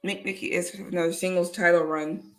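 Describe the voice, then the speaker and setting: A woman's voice: on the low side, fairly even intonation, fast. A woman co-hosting a casual wrestling podcast, chatty and rambling, reading viewer comments aloud. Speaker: podcast co-host. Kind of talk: casual chat about wrestling.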